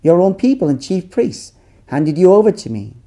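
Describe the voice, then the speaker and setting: A man's voice: high-pitched, very animated, warm tone, pitched above the performer's own voice, heavily acted. A man reading as a stern Roman governor, Pilate. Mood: questioning. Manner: questioning, measured reading voice.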